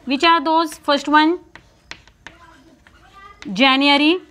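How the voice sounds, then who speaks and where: A woman teaching a children's lesson, repeating words slowly and asking and answering her own questions. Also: sits high, steady tone, bright, forceful tone. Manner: repetitive, asks and answers her own questions, stresses pronunciation. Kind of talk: online English lesson for young children.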